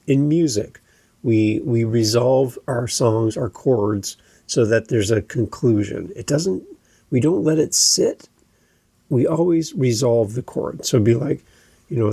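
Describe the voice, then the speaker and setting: Male podcast host, husky and gravelly, casual teaching tone, demonstrates vocal inflections. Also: measured pace, mellow, no echo. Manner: demonstrates pitch patterns, sings short syllables. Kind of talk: casual instructional podcast talk.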